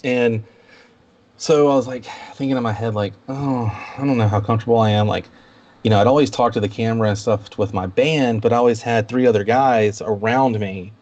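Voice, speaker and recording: A man's voice: medium pitch, fairly even intonation, a little fast, darkish tone. A man guesting on a live stream, telling stories in a loose, chatty way and laughing often. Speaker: guest YouTuber. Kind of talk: casual live-stream chat. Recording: dull lo-fi stream audio.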